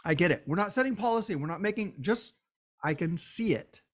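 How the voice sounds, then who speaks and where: A man's voice: high voice, lively intonation, fairly quick, a bit bright. Tired, impassioned male podcast host. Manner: impassioned, repeats phrases for emphasis. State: tired and worn down. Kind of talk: solo podcast monologue.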